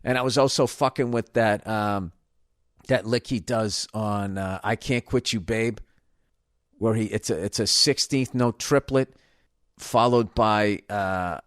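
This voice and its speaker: Low-voiced man ranting in a profane monologue. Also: a little slow, no echo, studio quality. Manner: profane, ranting, self-mocking. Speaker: podcast host. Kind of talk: casual storytelling monologue.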